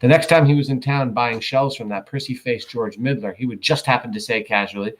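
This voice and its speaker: A man reading a novel aloud, casual, pausing to correct himself and comment. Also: medium pitch, low-quality recording. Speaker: audiobook reader.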